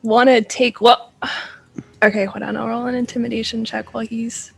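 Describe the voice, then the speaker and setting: A woman's voice: on the high side, flat delivery, normal speed, creaky, breathy edge. A woman playing in a tabletop game, asking questions casually. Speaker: player.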